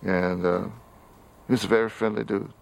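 An easygoing man recalls a friendly colleague in a relaxed interview. His voice is lowish with a gravelly texture. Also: normal speed. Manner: easygoing, plain-spoken.

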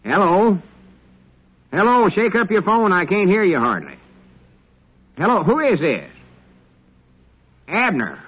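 An actor playing a folksy middle-aged country storekeeper, in an easygoing drawl, in 1940s radio acting. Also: male voice, medium pitch, animated, normal speed, fairly bright tone, poor audio. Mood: cheerful.

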